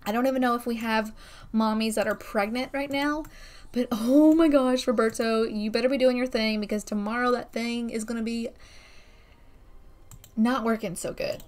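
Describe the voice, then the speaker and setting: A young woman hosting a gaming video, chatting excitedly through her gameplay with frequent exclamations. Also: a little high, normal speed. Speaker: gaming channel host. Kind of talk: casual game commentary.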